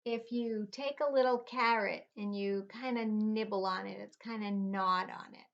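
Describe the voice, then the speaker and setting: A woman's voice: mid-range voice, fairly even intonation, normal speed, creaky. A middle-aged woman teaching a phonics lesson to young children, patiently spelling words out letter by letter. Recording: dull lo-fi recording.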